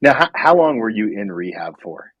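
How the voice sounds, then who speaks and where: A male podcast host with a low, husky voice asks questions in a measured, curious way. The sound is dry and close, with almost no room tone. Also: very animated, a bit bright, dry recording, dull audio. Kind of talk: interview questions.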